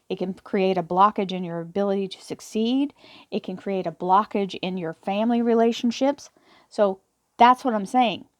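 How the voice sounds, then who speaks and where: A woman's voice: mid-range voice, no echo. A woman reading tarot affirmations and explaining them in an earnest, encouraging way, often repeating words as she talks. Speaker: tarot reader. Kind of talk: spiritual affirmation talk to camera.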